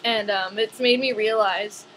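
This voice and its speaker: A young woman ranting casually to camera in a vlog, chatty and animated, with lots of "like". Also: medium pitch, unhurried, slight background noise, low-quality recording. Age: young adult.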